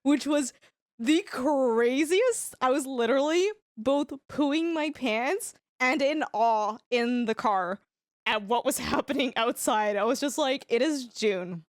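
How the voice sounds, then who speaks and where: Brief: woman streamer from Canada, higher voice, giggly casual banter. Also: takes it slowly, no echo, studio quality. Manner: giggly, animated, laughs often between remarks. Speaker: livestreamer. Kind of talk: casual chat while playing a game live.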